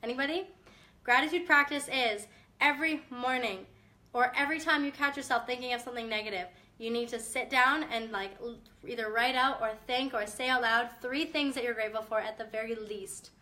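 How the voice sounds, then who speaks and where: A woman's voice: fairly high pitch, brisk, pushed and bright. A young woman, a mom with a chest cough, giving casual, upbeat motivational talk to her viewers with direct encouragement. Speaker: mom vlogger.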